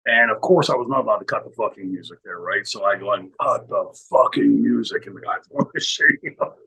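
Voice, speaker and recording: A middle-aged man telling a profane, animated backstage story as an interview guest, acting out other people's lines. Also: fairly low pitch, brisk, gravelly, breathy edge, low-quality recording. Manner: animated, profane, acts out quotes.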